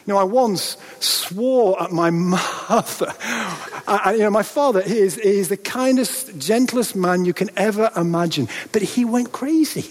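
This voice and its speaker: A man preaching a sermon in a church, dramatic, with rhetorical questions and pauses for effect. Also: high-pitched. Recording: long reverb of a large hall.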